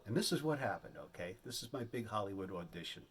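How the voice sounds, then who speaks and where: A man telling a comic story on stage, with an animated, exaggerated delivery. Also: fairly low pitch, fast, husky. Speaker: stand-up comedian. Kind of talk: stand-up storytelling.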